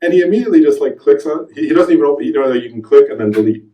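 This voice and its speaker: A middle-aged man giving a meditation teaching to a group, telling a personal story with animated quoted voices. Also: a little high, very fast, highs cut off. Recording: roomy hall, voice from a distance.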